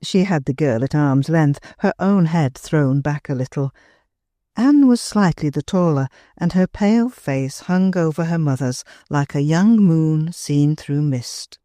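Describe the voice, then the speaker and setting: A woman narrating a classic novel as an audiobook reader, expressive and unhurried. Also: low voice, dry recording, studio quality. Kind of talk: scripted literary narration.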